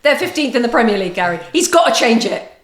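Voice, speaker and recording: A middle-aged woman with a fairly high voice hosts a football podcast. She asks pointed questions and pushes back with lively emphasis. Her voice carries a roomy echo. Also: fast talker. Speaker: podcast host. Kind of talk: casual football discussion.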